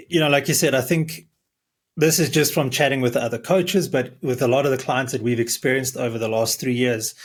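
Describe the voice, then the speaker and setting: A man who is a marriage coach, earnestly explaining advice in a podcast conversation. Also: medium pitch. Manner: earnest, explaining, restarts words.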